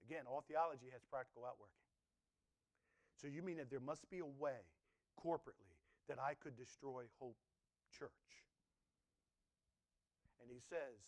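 A male pastor preaching a sermon, animated, swinging between loud exclamations and hushed asides. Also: medium pitch, moderate pace, pauses often.

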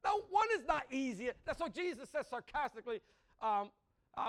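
Male pastor, high and very expressive pitch; conversational sermon, quick laughs, asks the room questions. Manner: conversational, rhetorical questions, laughs at own jokes. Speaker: preacher.

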